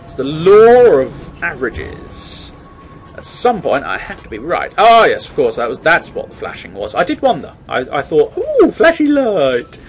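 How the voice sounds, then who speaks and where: A man's voice: a little high, big pitch swings, moderate pace, slight background noise. A man giving jokey, mildly sweary let's play commentary on a horror game. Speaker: gamer.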